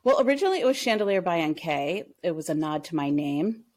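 A woman in her thirties tells how her small business grew, in a casual interview. She talks a little low and acts out what each person said, with plenty of "like" along the way. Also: quick pace. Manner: animated, acts out dialogue in her stories with lots of "like". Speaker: small business owner, guest.

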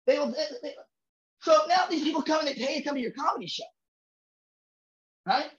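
Swearing, animated comedian shouting for emphasis. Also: male voice, very high voice, brisk, lo-fi sound. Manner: profane, emphatic, rhythmic storytelling. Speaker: comedian guest. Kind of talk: casual podcast chat.

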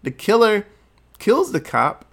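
Profane, animated man recapping a movie. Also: high-pitched, slow pace, creaky.

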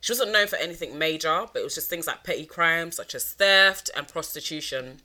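A chatty woman co-hosting a podcast, her voice low-pitched and bright. She fills her talk with "like" and "um" and laughs easily. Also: expressive, brisk. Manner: chatty, laughs often, lots of "like" and "um". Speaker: podcast co-host. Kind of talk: casual true-crime podcast chat.

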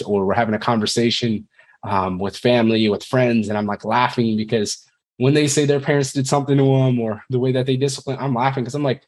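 A man's voice: mid-range voice, a little mellow. Frank, rambling man telling his story. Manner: rambling, frank, curses casually. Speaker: podcast guest. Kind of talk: candid personal storytelling.

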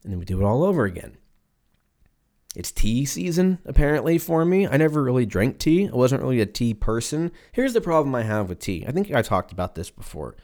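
A man's voice: medium pitch, sing-song, a little fast, darkish tone. A man in his twenties hosting a solo podcast, rambling and profane, mocking himself and laughing often as he talks into a mic at his computer. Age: 20s. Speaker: podcast host. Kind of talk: casual solo podcast rant.

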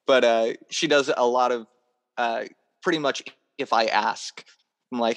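A man who makes toys, a guest on a casual podcast, telling stories in an animated, theatrical way. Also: mid-range voice, measured pace. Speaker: toy maker guest.

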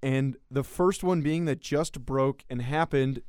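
A young man co-hosting a casual sports podcast, telling stories briskly with sarcastic asides. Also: mid-range voice, a little mellow, clear, resonant tone, no room sound, clean studio sound. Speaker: podcast co-host.

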